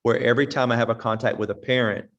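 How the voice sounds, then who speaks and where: A man's voice: medium pitch, fairly even intonation, fast, fairly bright tone, lo-fi sound. A man talks shop with fellow teachers in a casual online session. His delivery is folksy and direct, like a veteran teacher handing out hard-won advice. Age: 50s. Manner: folksy and direct, acts out parents and sings snippets. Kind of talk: casual conference talk with audience questions. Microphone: online presentation mic.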